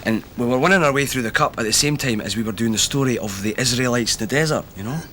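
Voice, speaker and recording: Man acting wry Glaswegian storyteller, middle-aged, dry wit, bright forceful tone, faint rumble behind. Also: fast talker, close to an everyday voice. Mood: wistful. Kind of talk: TV comedy drama acting.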